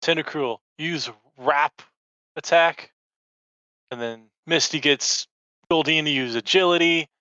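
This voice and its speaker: A man's voice: a little high, unhurried, bright, forceful tone, dry recording, lo-fi sound. A man appearing as a podcast guest, recapping the story in a laid-back, easygoing way. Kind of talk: casual episode recap chat.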